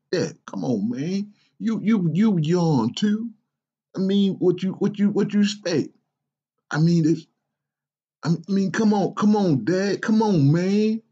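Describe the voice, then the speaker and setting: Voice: mid-range voice, warm tone, breathy edge, dull audio. A performer playing a jobless son in his late twenties who stammers and makes excuses in a comedy skit. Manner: mumbling, hesitant, stammering excuses. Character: lazy jobless 28-year-old son.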